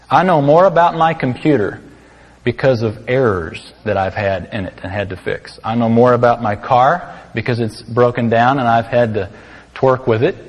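A man preaching a sermon in an earnest, conversational way, with dry asides. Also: medium pitch. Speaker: pastor. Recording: long hall reverb.

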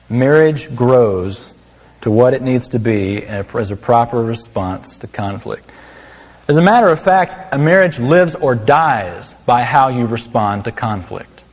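Man preaching in a reverberant hall. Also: medium pitch. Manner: earnest, conversational preaching with dry asides. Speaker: pastor. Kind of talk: sermon.

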